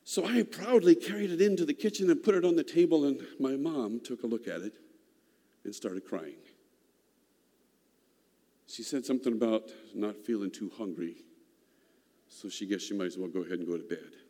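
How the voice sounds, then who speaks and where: Mellow-voiced man telling a folksy story. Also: medium pitch. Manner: folksy, unhurried, reflective. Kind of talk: personal storytelling. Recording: long hall reverb.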